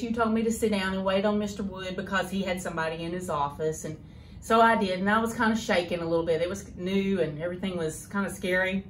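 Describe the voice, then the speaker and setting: A woman tells affectionate anecdotes in a relaxed, chatty way, as if speaking straight to an old friend. Her voice sits at an ordinary middle pitch for a woman. A faint hiss runs under the recording. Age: 50s. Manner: fond, chatty anecdotal telling with soft laughter. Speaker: school child nutrition director. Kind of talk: personal tribute message, storytelling.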